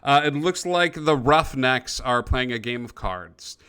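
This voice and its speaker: A man's voice: medium pitch, lively intonation, a little slow, pushed and bright, clean tone. A man narrating as game master of a tabletop game, in a loose way with many fillers.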